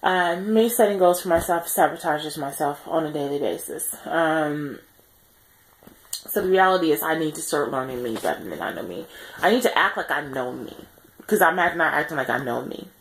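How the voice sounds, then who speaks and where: Tired, gravelly-voiced woman talking candidly. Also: low-pitched, lively intonation, slight background noise, low-quality recording. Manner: reflective and earnest, many pauses and self-corrections. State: tired, yawning. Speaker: vlogger on a weight-loss journey. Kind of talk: candid personal video diary.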